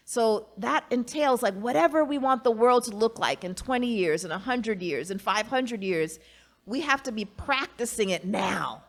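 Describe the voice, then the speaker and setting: A woman's voice: a little high, expressive, moderate pace. A woman guest speaking earnestly and reflectively in a conversation, often adding "you know" and "right". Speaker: guest, academic and author. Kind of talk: casual conversation.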